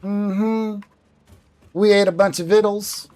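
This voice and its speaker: A homespun country man from the South drawls out his words in a high, twangy voice, as a man puts him on. The exaggerated Southern US accent stretches every word, and the voice sits well above a normal speaking pitch. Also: steady tone, slow pace, darkish tone, clean tone. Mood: folksy. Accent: put-on Southern US.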